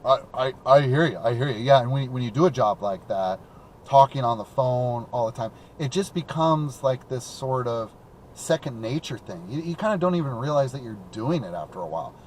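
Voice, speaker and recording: A young man hosts a call-in show from his car, talking in a loose, rambling way full of restarts and fillers. His voice sits at a medium pitch. A faint hum of noise runs behind him. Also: expressive, normal speed, darkish tone. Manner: rambling, repeats words, many fillers. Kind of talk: casual chat. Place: driving around in a car.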